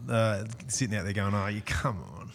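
A man, a former commando, speaking as a podcast guest in a soft, self-deprecating way. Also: on the low side, steady tone, moderate pace, a little hiss or hum. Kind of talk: casual chat.

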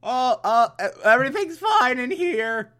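A man's voice: extremely high pitch, very animated, unhurried, pushed and bright, pitched above the performer's own voice, exaggerated voice. A man voicing a flustered male butler who stammers and defends himself.

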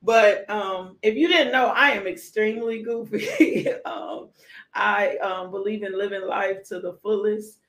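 A woman's voice: mid-range voice, measured pace. Playful woman devotional host, live-stream chat, echoey room, laughs a lot. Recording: roomy echo.

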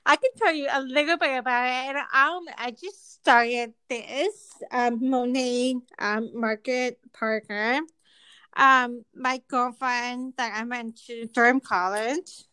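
A woman guest speaks slowly and hesitantly in a casual chat, with a fairly high, smooth, clear voice. The recording is dry and close. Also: fairly even intonation, pushed and bright, no echo, low-quality recording. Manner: slow, hesitant, many ums. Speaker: podcast guest.

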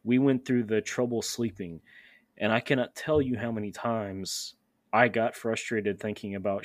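A man with a fairly low voice hosts a relaxed podcast conversation. He tells candid, self-deprecating stories. The sound is dry and close, with no room around it. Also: normal speed, no echo. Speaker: podcast host.

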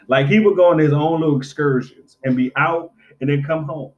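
A middle-aged man in casual chat, telling profane, animated stories and acting out quotes. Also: on the high side, fairly quick, few pauses. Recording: dull lo-fi recording.

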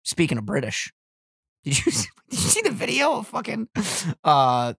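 Excitable giggly podcast guy. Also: a little high, normal speed, vocal fry, breathy edge, no room sound, studio quality. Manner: excitable, giggly, swears a lot. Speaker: podcast co-host. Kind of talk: casual podcast chat.

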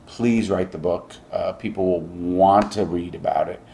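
A man's voice: low voice, fairly even intonation, measured pace, gravelly, dark tone, slight background noise. A middle-aged man interviewing a guest, blunt and emphatic, swearing freely. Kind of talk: casual interview.

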